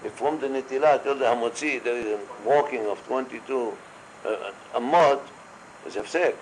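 A man leading a casual religious study discussion, talking haltingly with many fillers and quoting blessings aloud. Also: medium pitch, slight background noise, poor audio.

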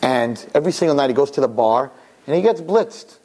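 A man, a rabbi, giving a Torah lesson and telling a parable in an animated way, often asking "right?". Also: mid-range voice, brisk. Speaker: rabbi teaching students.

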